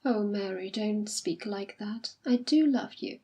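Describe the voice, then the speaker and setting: Remorseful young fiancé, earnest and pleading, husky breathy tone, read by a woman. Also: medium pitch, unhurried, warm tone. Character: remorseful young man breaking an engagement. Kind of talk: audiobook reading.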